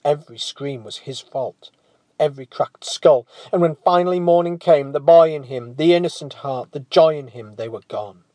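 A man narrating a storybook tale in a hushed, dramatic manner that often drops to a whisper. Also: a little high, moderate pace, dry recording.

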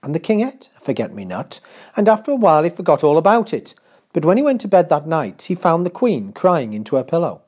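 Lively man reading a storybook. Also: a little high, brisk. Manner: expressive, dramatic, pace shifting with the action. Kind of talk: storybook narration.

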